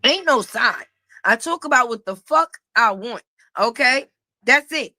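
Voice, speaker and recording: A high-pitched, bright-toned middle-aged woman lays into her target in a profane livestream rant. She taunts and repeats herself, close to the mic in a dry room. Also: expressive, unhurried, no room sound. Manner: confrontational, repetitive taunting. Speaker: livestream commentator.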